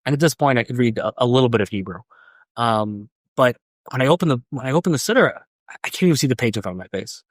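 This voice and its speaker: A young man from New Hampshire, a podcast guest, telling a personal story in a casual, halting way, repeating words and saying um often. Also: mid-range voice, expressive, no echo, clean studio sound. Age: young adult.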